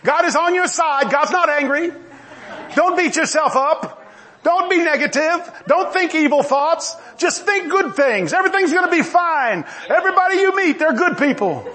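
A man's voice: very high-pitched, lively intonation, moderate pace, bright, forceful tone, voice pushed up, exaggerated voice. A preacher mimicking a sunny TV preacher man. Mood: cheery. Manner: sunny, soothing reassurances. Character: upbeat, reassuring male TV preacher.

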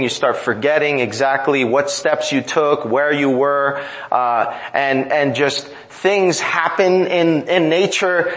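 A man's voice: fairly high pitch, fairly bright tone, rough recording. A man preaching a sermon in an earnest, emphatic way, driving points home through repetition. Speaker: pastor.

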